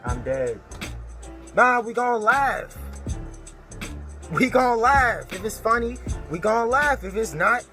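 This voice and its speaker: A young man ranting casually to camera, animated, mocking and full of slang. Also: very high voice, unhurried, soft background music. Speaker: vlogger. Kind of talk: casual comedic rant to camera.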